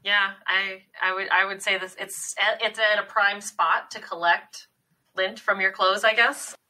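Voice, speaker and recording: A woman's voice: medium pitch, steady tone, pushed and bright, distant mic, low-quality recording. A woman co-hosting a podcast, talking frankly in casual chat. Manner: frank, chatty, quick to laugh. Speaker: podcast co-host.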